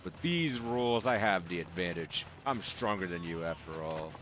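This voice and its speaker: A man's voice: deep voice, expressive, moderate pace, music in the background, voice pushed down. Kiryu, a man reading as a stoic tough fighter. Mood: stern. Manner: blunt, curt.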